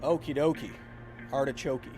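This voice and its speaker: A man's voice: mid-range voice, fairly even intonation, normal speed, over music. A man in his thirties live-streaming a video game, chatting casually with viewers in a rambling, self-mocking way. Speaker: streamer playing a video game and answering chat.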